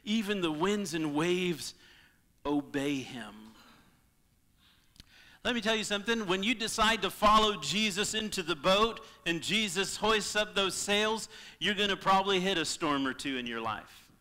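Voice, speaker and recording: A man preaching a sermon as pastor, impassioned, swinging between loud appeals and hushed moments. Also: high-pitched, lively intonation, unhurried, in a large hall. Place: church sanctuary.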